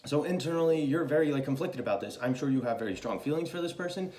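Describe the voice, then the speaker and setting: A man's voice: on the high side, quick pace, a little mellow. Casual swearing man in a roomy space. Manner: loose and chatty, swears freely, many fillers. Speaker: tarot reader. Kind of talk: casual spoken tarot reading.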